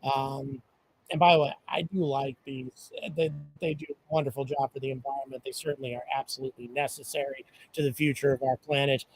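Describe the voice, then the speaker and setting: A man's voice: mid-range voice, fairly even intonation, a little fast, a little hiss or hum, low-quality recording. A man hosting a casual live stream from outdoors, chatting loosely with many fillers and greeting viewers by where they watch from. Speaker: livestream host. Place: outdoors at a launch site.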